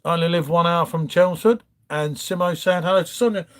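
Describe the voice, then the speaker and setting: A man's voice: on the high side, fairly quick, clear, resonant tone. A man hosting a casual live stream, reading out viewer chat and bantering like a friendly pub regular. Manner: chatty, matey banter, calls everyone mate. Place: home, pub-style setup.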